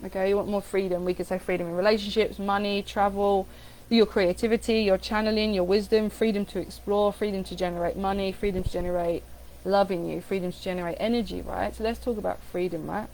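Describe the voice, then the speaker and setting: A woman giving a casual coaching talk on affirmations, animated, repeating phrases with different inflection. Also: medium pitch, fast, a little hiss or hum, poor audio. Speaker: spiritual coach.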